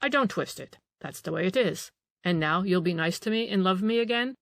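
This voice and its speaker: A woman reading the part of a charming, playful young gentleman who coaxes and teases. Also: fairly low pitch, expressive, fairly quick, dry recording. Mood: coaxing. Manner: coaxing, playful, demure. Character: charming, teasing young gentleman invalid, man.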